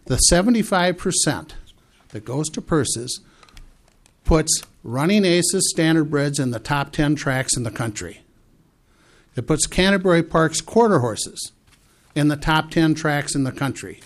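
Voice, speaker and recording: A man who owns a horse farm giving earnest, persuasive committee testimony, citing figures with pauses and restarts. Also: on the high side.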